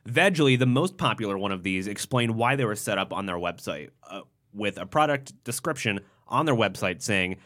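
A man's voice: fairly low pitch, expressive, normal speed, a bit bright. A young man co-hosting a casual podcast, reading news quotes aloud with jokey asides and plenty of swearing. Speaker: podcast co-host.

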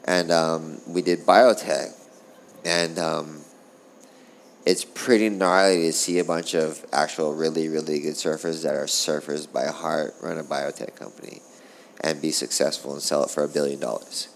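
A middle-aged man, a former pro surfer, telling stories in a casual interview, animated and profane, rambling along. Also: very deep voice, moderate pace, gravelly, a little hiss or hum.

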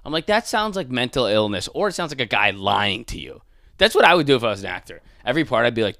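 A young adult man, a comedian, ranting casually and profanely, mocking people with quick put-on voices. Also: medium pitch, creaky, no echo, studio quality. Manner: animated, profane, mocking impressions.

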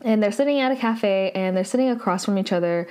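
A woman's voice: medium pitch, quick pace, a little mellow, clear, resonant tone. Chatty woman podcast host. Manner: chatty, lots of "like" fillers. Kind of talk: casual recap chat.

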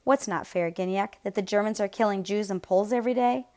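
A woman voicing a blunt, tired aunt who speaks briskly, reading from a storybook. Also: mid-range voice, fairly even intonation, mellow, natural voice.

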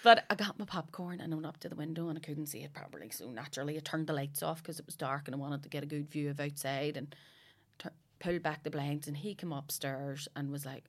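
A woman with a Northern Irish accent telling stories in casual chat, animated and laughing, with frequent swearing. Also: low-pitched, quick pace.

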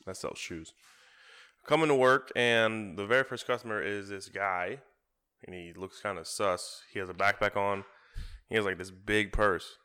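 Casting: male podcast co-host, bright low voice, animated storyteller. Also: clean tone. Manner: animated storyteller, laughs often. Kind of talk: casual chat.

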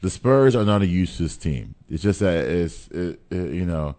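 A man hosting a casual basketball talk show, animated and given to repeating words. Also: low voice, normal speed. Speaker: host.

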